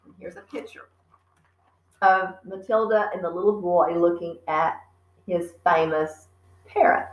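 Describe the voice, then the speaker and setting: A woman teacher reading a children's story aloud, animated and chatty with friendly asides. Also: lowish voice, unhurried, pauses often, reverberant, muffled recording.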